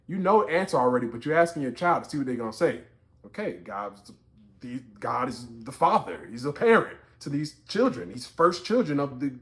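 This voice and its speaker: A man teaching a Bible story in a conversational way, building to emphatic outbursts. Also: a little high. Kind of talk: explaining scripture to camera.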